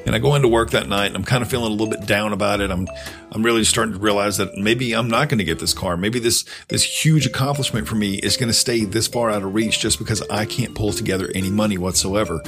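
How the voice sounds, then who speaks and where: A young man telling a personal story on his podcast in a casual, profane, animated way. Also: on the low side, fast talker, music in the background. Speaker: podcast host.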